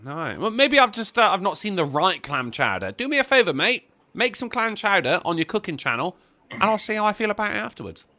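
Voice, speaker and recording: Man, stream co-host, crude deadpan jokes, sharp and animated, slightly high. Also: a little fast. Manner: profane, sardonic jokes. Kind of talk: casual chat.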